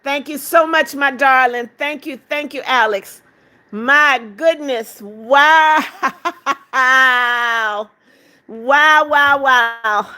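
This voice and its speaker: A woman's voice: high voice, slow pace. A woman hosting a livestream, reading viewers' comments aloud and calling them darling while she counts out gifts. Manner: affectionate, calls viewers darling; counts gifts out loud, laughing. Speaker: livestream host. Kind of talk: reading live chat aloud.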